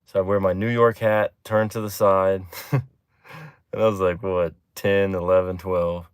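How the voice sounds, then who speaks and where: Low-voiced Texan man, livestream host, smooth tone, dry close mic, loose chatty delivery that perks up now and then. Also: measured pace, no echo. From Texas. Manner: relaxed, chatty, drifting from low mumbles to excited bursts. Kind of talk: casual livestream chat reading comments.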